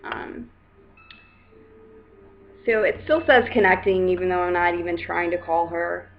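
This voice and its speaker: A woman's voice: fairly low pitch, measured pace, lo-fi sound. A woman hosting a casual live video chat, talking frankly and rambling straight to her viewers. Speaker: host.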